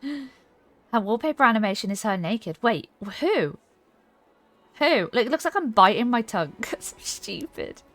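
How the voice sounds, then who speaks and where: A woman's voice: fairly high pitch, sing-song, a little slow, a bit bright. A woman streaming a game, chatting casually and giggling while she reads chat aloud.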